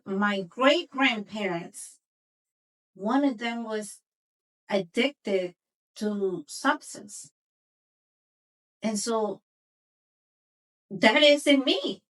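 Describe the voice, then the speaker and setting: A woman's voice: fairly high pitch, drawn-out words, pauses often, fairly bright tone, distant mic, low-quality recording. A middle-aged woman, a podcast host, earnestly telling a personal story and repeating words for emphasis.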